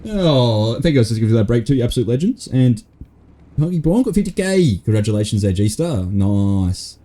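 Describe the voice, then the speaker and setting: A man's voice: mid-range voice, very animated, normal speed, mellow. An Australian man streaming, talking to chat out of character and thinking aloud about fixes.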